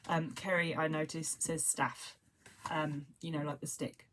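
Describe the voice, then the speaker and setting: A crochet livestream host from southern England chats casually with her regular viewers, rambling relaxedly from one thought to another and calling herself a waffler. Her voice is a bit low, her speed normal, and there's slight background noise.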